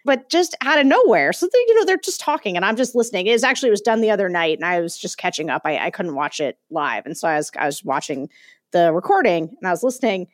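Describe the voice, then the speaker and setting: Animated woman telling a story. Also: lowish voice, fast talker, dry recording, clean studio sound. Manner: animated storytelling, laughs often. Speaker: podcast co-host. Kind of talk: casual political chat.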